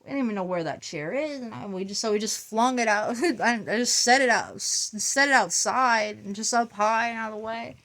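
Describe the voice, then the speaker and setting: A woman's voice: fairly high pitch, fairly quick, hardly any pauses, a bit bright. A woman casually telling a family story, rambling and restarting often and laughing between lines. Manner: quotes family members in livelier voices. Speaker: vlogger.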